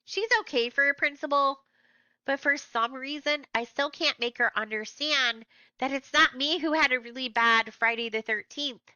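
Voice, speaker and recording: A woman's voice: high voice, moderate pace, bright, forceful tone, smooth, no echo, muffled recording. A woman reading a first-person novel aloud in a plain, conversational storytelling manner. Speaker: audiobook reader.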